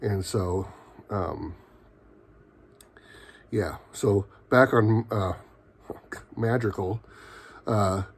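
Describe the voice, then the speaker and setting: A man's voice: lowish voice, very slow, pauses often, slightly rough. A man giving a casual, rambling recap of a TV episode, full of fillers and quoted lines. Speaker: TV show reviewer.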